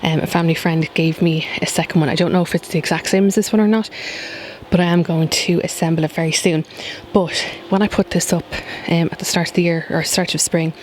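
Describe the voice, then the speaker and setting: A woman's voice: fairly low pitch, steady tone, a little fast, a little mellow, rough recording. A woman chats to camera in a rambling way as she works in her back garden, with many fillers. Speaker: gardening vlogger. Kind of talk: casual chat to camera. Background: faint outdoor noise.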